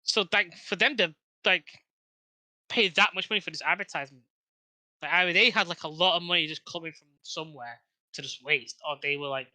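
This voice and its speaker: A man's voice: a little high, a little fast, sharp tone, dry recording. A man co-hosting a casual wrestling podcast, rambling and restarting his sentences, with frequent swearing. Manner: rambling, restarts often, lots of fillers and swearing. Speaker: podcast co-host.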